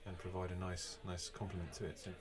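Host: British man, lowish voice, relaxed chatty delivery, recorded from home. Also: fast talker, crowd noise. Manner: relaxed, chatty, with fillers and restarts. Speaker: podcast host. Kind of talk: casual chat and scripted episode intro. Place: home, remote call.

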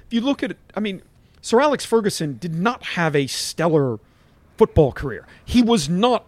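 Emphatic middle-aged man, fairly high voice. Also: animated, moderate pace, dry recording. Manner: emphatic, keeps checking in with "right?" and "listen". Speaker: golf coach, podcast guest. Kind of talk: animated anecdote-telling in conversation.

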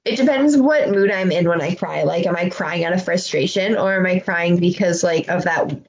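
Young woman cohosting a podcast, husky voice, swears a lot, acts out her reactions, kinda dull audio. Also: on the low side, moderate pace. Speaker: podcast co-host. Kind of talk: casual chat.

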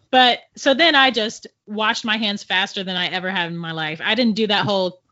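A middle-aged woman, a podcast guest, telling a personal ghost story in an animated way and laughing often between sentences. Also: medium pitch, normal speed. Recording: dull lo-fi audio.

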